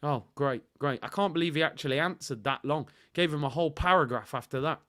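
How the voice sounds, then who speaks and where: On a livestream, a man with a fairly high, fairly bright voice hosts a football channel, giving loose, casual fan commentary at a fairly quick pace. He is sarcastic and jokey, rambling with plenty of "uh"s and "you know"s, and his voice comes through smooth and clear.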